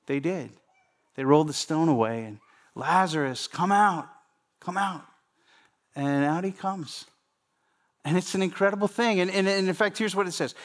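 A man's voice: high voice, normal speed. A man preaching a sermon in a conversational way, often repeating phrases and speaking straight to the congregation. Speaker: pastor.

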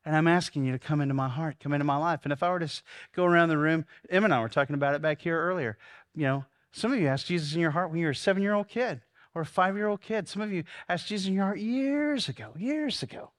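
A pastor in his sixties delivers a sermon with a high, light voice. He is earnest and heartfelt, building to fervent pleas before slowing into quiet, deliberate prayer. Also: smooth. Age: 60s. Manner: earnest, rises to fervent pleading then drops to slow soft prayer. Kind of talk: sermon leading a congregational prayer.

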